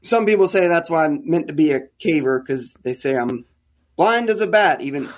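Podcast guest: American man, casual, lively storyteller, a touch higher pitched. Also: moderate pace. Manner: animated, acts out quoted dialogue. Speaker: guest, caver.

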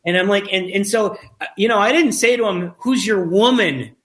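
A man telling a lively anecdote about making a documentary, acting out the quoted dialogue and often restarting his sentences. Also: sits high, brisk. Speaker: documentary filmmaker. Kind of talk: casual storytelling in an interview.

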